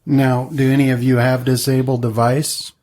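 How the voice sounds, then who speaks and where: A man running a tabletop game as game master, describing scenes in a relaxed way with frequent fillers. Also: mid-range voice, moderate pace.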